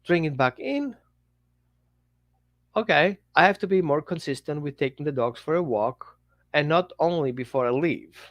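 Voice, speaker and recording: Animated man teaching with acted-out dialogues. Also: on the high side, no echo, studio quality. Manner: animated, acts out little dialogues. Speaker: dog trainer. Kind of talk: casual teaching talk.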